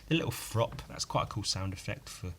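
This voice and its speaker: A man's voice: fairly low pitch, animated, fairly quick, very noisy. A man hosting a podcast alone, rambling sardonically with frequent swearing and self-mocking asides. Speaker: podcast host. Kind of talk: casual solo commentary.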